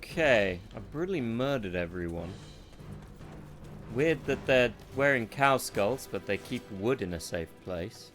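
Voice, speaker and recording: A man's voice: medium pitch, animated, unhurried, fairly bright tone, soft background music. A man streaming a game, giving casual, sarcastic commentary and swearing freely as he plays.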